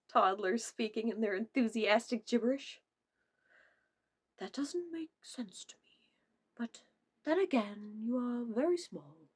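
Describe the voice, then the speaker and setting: Young woman chatting about memes, high voice, takes her time, laughs a lot, swears. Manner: giggly, swearing, laughs often; playful, puts on silly voices. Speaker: vlogger reacting to memes. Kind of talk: casual chat.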